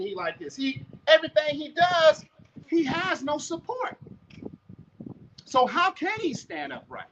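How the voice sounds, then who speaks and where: Profane ranting podcast man, high voice. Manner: blunt, profane, preachy. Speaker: podcast host. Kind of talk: ranting monologue. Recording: muffled with loud noise.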